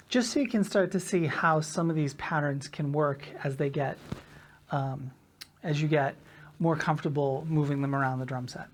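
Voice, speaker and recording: A woman's voice: low-pitched, normal speed, slight background noise. A woman teaching a drum lesson, patiently counting rhythm patterns aloud in a sing-song way. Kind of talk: instructional lesson.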